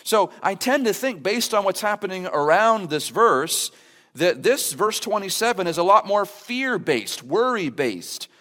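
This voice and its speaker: A man's voice: sits high, big pitch swings, unhurried, bright, forceful tone. A man preaching a sermon as pastor at a church service, explaining scripture in an earnest, conversational way with emphatic rhetorical questions. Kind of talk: expository sermon.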